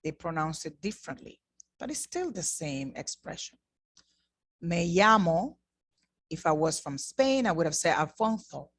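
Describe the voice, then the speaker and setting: Patiently leading an online Spanish class made in the Bahamas, this woman repeats words so learners can hear how they're pronounced. She has a low-pitched, sing-song voice with a breathy edge, at normal speed and with no room sound.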